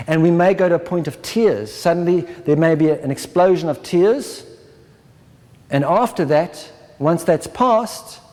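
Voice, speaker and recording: A man's voice: a little high, darkish tone. A man giving a spiritual workshop talk, often checking in with "right?" and acting out inner voices in short asides. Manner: checks in with listeners with a constant "right?". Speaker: workshop presenter. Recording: lecture hall with long reverb.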